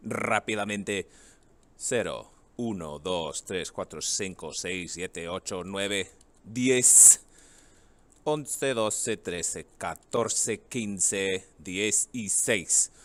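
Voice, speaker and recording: A man's voice: deep voice, slow, a bit bright. A man teaching a beginner Spanish lesson, patiently explaining and drilling words one at a time. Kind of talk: classroom video lesson.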